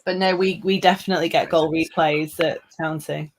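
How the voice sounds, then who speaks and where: A woman's voice: sits low, steady tone, moderate pace, a crowd in the background. A woman co-hosting a casual football watchalong chat, chatty and self-deprecating. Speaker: podcast co-host.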